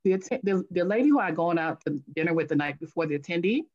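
Lively woman guest, storytelling, muffled lo-fi recording. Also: on the low side, racing. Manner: animated, acts out her own past voice. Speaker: guest, author. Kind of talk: interview storytelling.

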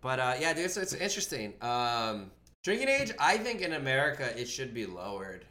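A man's voice: mid-range voice, very animated, normal speed, sharp tone, roomy sound. A young man co-hosting a casual podcast, blunt and profane, arguing his opinions and talking over his partner. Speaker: podcast co-host. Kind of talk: casual debate chat.

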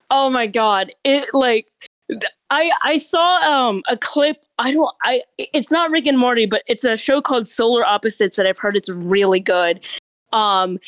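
A woman's voice: on the high side, no echo, low-quality recording. A young woman co-hosting a podcast in casual chat, rambling with lots of filler words and the odd swear. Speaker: podcast co-host.

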